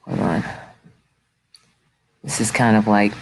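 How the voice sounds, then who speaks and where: A man hosts a casual live chat over a video call. His speech is halting and distracted, with frequent restarts and pauses. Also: lowish voice, steady tone, gravelly, slight background noise, low-quality recording. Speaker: show host sharing his screen.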